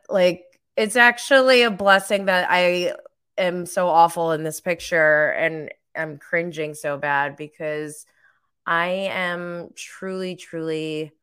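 A woman hosting a casual recap podcast, rambling and giggling between thoughts. Her voice sits a little low and sounds smooth and clear. She takes her time with every phrase. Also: fairly bright tone. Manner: chatty, giggly, rambling with fillers. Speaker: podcast host. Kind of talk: casual live recap chat.

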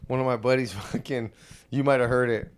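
A man's voice: medium pitch, a little fast. Rowdy swearing man telling stories. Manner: rowdy, swears a lot, lively storytelling with voices. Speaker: podcast co-host. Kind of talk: casual profane podcast banter.

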